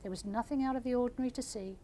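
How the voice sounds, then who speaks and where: An older English author with a fairly high voice reads her story aloud gently and in a measured way, then answers questions from the audience. A slight hiss or hum is present in the recording.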